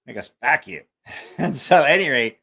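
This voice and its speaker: A man's voice: medium pitch, expressive, fairly quick, creaky, pushed and bright, slightly rough. A man hosting a casual livestream and telling a rambling, profane story full of quoted voices. He has a school-age kid. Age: adult with school-age child. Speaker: livestream host.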